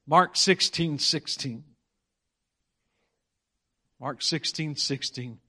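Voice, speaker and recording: A man's voice: fairly high pitch, measured pace, pauses often, sharp tone. A man preaching a sermon, reading scripture aloud and repeating words for emphasis while he puts questions to his congregation.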